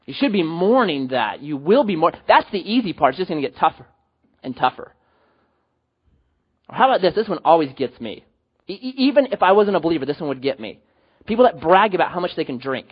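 A man preaching a sermon as pastor, animated, rising to loud emphatic peaks and dropping to quiet low endings. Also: a little fast, slightly rough, muffled recording.

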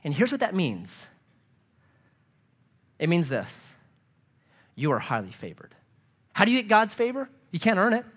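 A man preaching a sermon as pastor, earnest and emphatic, dropping to a soft hush as he prays. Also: high-pitched. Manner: drops to a soft hush for prayer.

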